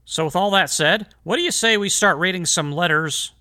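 A man's voice: high voice, moderate pace, pushed and bright. A man hosting a solo podcast, chatting and making wry asides as he reads historical letters aloud. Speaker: podcast host.

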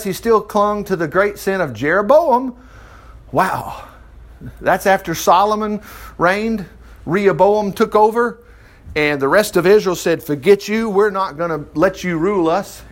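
A man's voice: high voice, expressive, unhurried. A man preacher reading a Bible passage aloud in a folksy way, breaking in often with his own asides. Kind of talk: Bible reading with running commentary.

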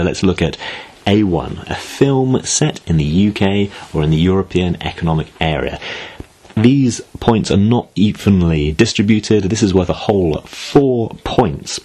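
A man from Britain hosts a solo podcast in a low, husky voice. He talks in a chatty, wry way, thinking aloud and dropping in asides as he goes. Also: lively intonation, unhurried, warm tone. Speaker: podcast host.

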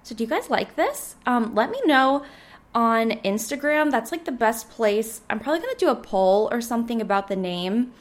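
A young woman in her twenties hosts a casual solo podcast, rambling cheerfully with plenty of filler words. Her voice sits a little high and sounds slightly hoarse, as if she is losing it. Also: expressive, moderate pace. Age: 20s. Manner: rambling, chatty, full of "like" fillers. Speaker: podcast host.

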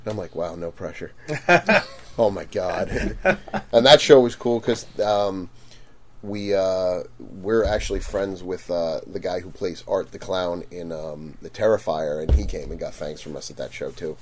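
A man telling stories in a casual chat, animated, laughing and acting out quotes loudly. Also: low voice, a little slow, crowd noise. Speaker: guest vendor.

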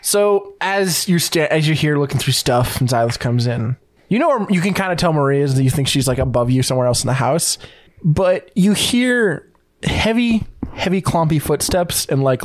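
A man's voice: mid-range voice, lively intonation, normal speed, dry recording. A young man narrating as game master of a tabletop game, rambling and laughing often.

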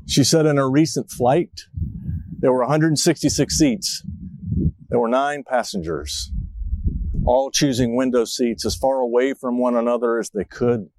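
A man's voice: mid-range voice, fairly even intonation, a little slow, a little mellow, dry recording, poor audio. A middle-aged man preaching a reflective sermon as a pastor, telling stories. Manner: storytelling, reflective, acts out a child's voice in quotes.

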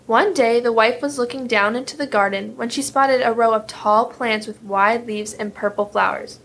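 A woman reading a fairy tale aloud in a steady, clear storytelling manner. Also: on the high side, moderate pace.

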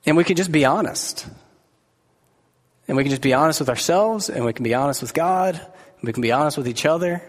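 A man's voice: a little high, animated, brisk, long pauses. Earnest preacher man in an echoey hall. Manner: conversational and earnest, asks the listeners direct questions. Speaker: pastor. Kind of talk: sermon.

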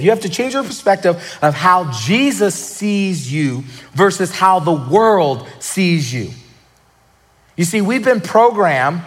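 A Southern American man preaching a sermon in church, animated and acting out scenes in quoted voices. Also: high voice, big-room sound. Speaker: pastor. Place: church sanctuary.

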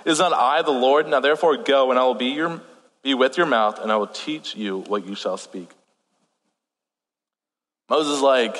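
A young man, a youth pastor, gives a casual sermon in a church hall, chatting, cracking jokes on the side and reading scripture aloud. His medium-pitched, slightly bright voice moves at normal speed with frequent pauses, a slight lisp and a stutter. The recording carries a long hall reverb.

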